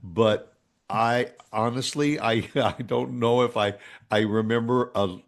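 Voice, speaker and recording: A man's voice: medium pitch, steady tone, slow pace. A man co-hosting a podcast in casual chat, who laughs often and stammers as he starts his sentences over. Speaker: podcast co-host.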